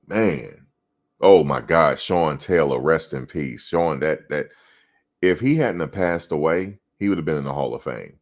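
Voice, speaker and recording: A man's voice: a bass voice, lively intonation, measured pace. A man, swapping loose, profane football stories in casual sports chat. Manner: loose, profane storytelling with laughter. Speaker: podcast co-host.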